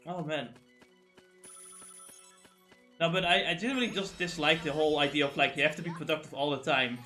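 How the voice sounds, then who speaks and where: A man's voice: fairly high pitch, fast, bright, forceful tone, faint music behind. A man hosting a livestream in casual chat, ranting animatedly and swearing freely. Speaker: streamer host.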